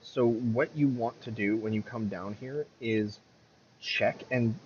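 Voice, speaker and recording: A man's voice: medium pitch, fairly even intonation, slow, darkish tone, dull audio, slight background noise. A man giving casual, rambling commentary over his gameplay, correcting himself often and muttering at the game, with the hiccups. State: has the hiccups.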